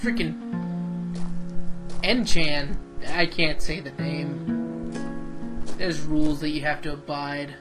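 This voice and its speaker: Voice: mid-range voice, fairly even intonation, slow, long pauses, poor audio. A gamer giving sarcastic, swearing commentary while playing a game. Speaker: let's-play gamer. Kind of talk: live gameplay commentary. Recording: loud game music behind.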